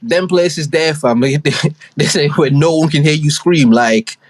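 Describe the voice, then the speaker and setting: A man's voice: a little high, a little slow, dry recording. A young man, co-hosting a podcast and telling a rambling story full of slang and fillers in casual chat. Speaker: podcast co-host.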